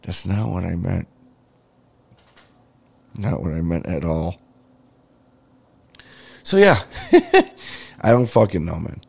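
Lowish and dark, with a clogged, nasal quality, a man's voice carries a rambling comedy podcast monologue. He jokes around casually and curses a lot.

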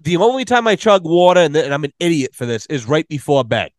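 A man's voice: a little high, very animated, quick pace, dry recording, studio quality. A man hosting a podcast, telling rambling, profane stories in casual chat. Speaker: podcast host.

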